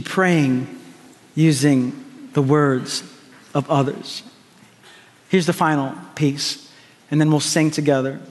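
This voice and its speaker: A man preaching a sermon to a congregation, emphatic and repetitive, with quick asides to the crowd. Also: on the high side, steady tone, long reverb tail. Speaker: pastor. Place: large church hall with congregation.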